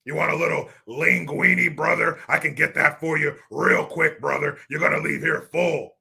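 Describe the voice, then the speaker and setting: A man putting on a loud, pumped-up pitchman for a pasta restaurant, calling everyone brother. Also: steady tone, moderate pace, gravelly, breathy edge, exaggerated voice. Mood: hyped. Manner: says brother after every phrase.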